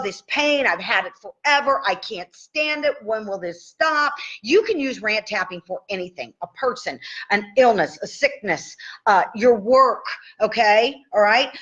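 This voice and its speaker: A woman in her sixties coaching tapping in a casual live session, chatty and animated, checking in with listeners often. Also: medium pitch. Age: 60s. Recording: dull lo-fi live stream audio.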